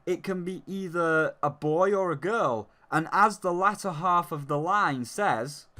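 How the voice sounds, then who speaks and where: Male reviewer, angry profane rant, unhurried delivery. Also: on the high side, bright, forceful tone. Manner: heated, profane ranting with emphatic lists. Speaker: game reviewer. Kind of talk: ranting video review.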